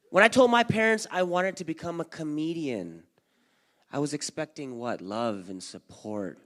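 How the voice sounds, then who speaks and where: A young man performing a stand-up comedy set for a live audience at a community event, doing lively crowd work and acting out his parents and friends. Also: a little high, normal speed.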